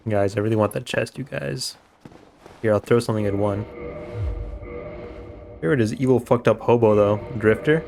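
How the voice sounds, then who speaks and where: A man's voice: fairly low pitch, normal speed, vocal fry, long pauses, darkish tone, soft background music. A man streaming a game, giving rambling, chatty commentary and swearing casually.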